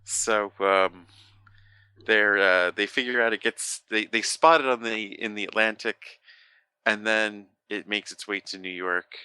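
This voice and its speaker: A man's voice: on the low side, steady tone, bright, forceful tone, clean tone, no room sound. A man co-hosting a podcast, rambling through a casual chat full of fillers and the odd swear word. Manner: rambling, profane, halting with many fillers. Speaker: podcast co-host.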